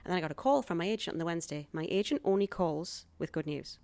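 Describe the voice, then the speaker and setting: A woman in her thirties, a guest spinning animated stories about her own life in an interview. Her voice sits a little low, and she keeps bursting into lively acted-out quotes. The recording is close and dry. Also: fast talker, vocal fry, dry recording. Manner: animated storyteller acting out quoted dialogue. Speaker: guest, actress and stand-up comic. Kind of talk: podcast interview storytelling.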